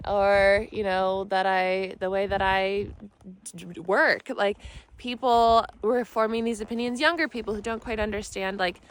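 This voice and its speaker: A woman spiritual mentor talking in a soft, rambling, earnest way for her vlog, filming herself on a phone at arm's length while riding outdoors. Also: medium pitch, level tone, a little slow, clean tone, poor audio. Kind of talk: casual self-help vlog talk. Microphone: phone held at arm's length.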